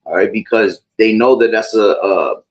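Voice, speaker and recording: Low-voiced man preaching in a rambling way. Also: normal speed, muffled recording. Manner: rambling, repeats himself, fillers like "you know" and "all right". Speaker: host of a religious talk channel. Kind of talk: preaching commentary.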